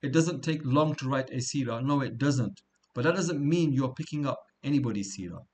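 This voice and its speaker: A man's voice: mid-range voice, brisk, darkish tone. A middle-aged man teaching a class in an informal, conversational way, often checking in with "right?" and repeating himself as he talks. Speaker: seerah teacher.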